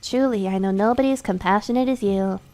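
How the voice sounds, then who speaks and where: Faint music sits behind a woman with a natural, medium-pitched voice who talks fast. On stream, she voices a game's young vampire woman who is late on rent, sounding frantic, whiny and excitable.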